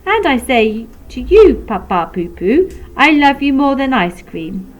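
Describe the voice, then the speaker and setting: A woman's voice: high voice, sing-song, measured pace, dull audio. A woman voicing a soppy, whiny boy in a storybook read-aloud, using sing-song baby talk. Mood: doting. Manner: baby talk, rhyming silly words.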